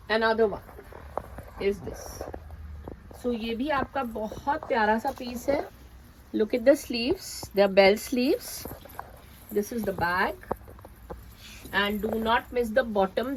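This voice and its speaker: A woman with an Indian accent presenting boutique outfits in a brisk, emphatic sales pitch. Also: a little mellow, a little hiss or hum, rough recording. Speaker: boutique seller.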